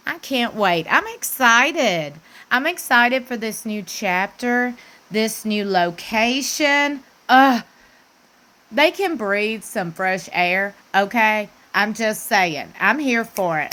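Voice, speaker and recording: A woman's voice: mid-range voice, fairly bright tone, rough recording. A woman, chatting to her viewers in gushing, repetitive commentary with folksy asides. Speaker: celebrity gossip vlogger.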